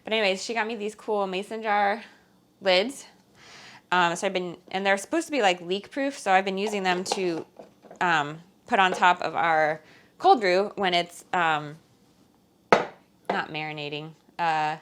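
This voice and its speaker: Chatty, rambling woman with a low voice. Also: measured pace, fairly bright tone, a little hiss or hum. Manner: chatty and rambling, heavy use of "like" and "um"; laughs between phrases. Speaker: frugal-living vlogger. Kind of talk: casual chat to viewers while cooking.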